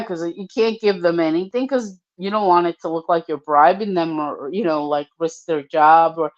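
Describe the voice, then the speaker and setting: An older woman telling a personal story casually, profane and animated, acting out the voices in it. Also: on the low side, dull audio. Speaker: storyteller guest.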